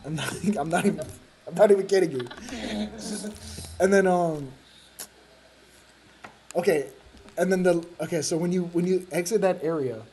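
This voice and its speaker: A man's voice: sits high, normal speed, long pauses, dark tone, a little hiss or hum. A man streaming a game, telling a rambling, profane story with frequent laughs. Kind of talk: casual gaming chat.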